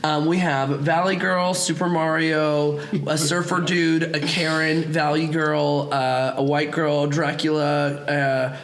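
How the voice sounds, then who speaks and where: A woman hosting a casual podcast chat, excitable and giggly. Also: low-pitched, takes it slowly, few pauses. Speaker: podcast host.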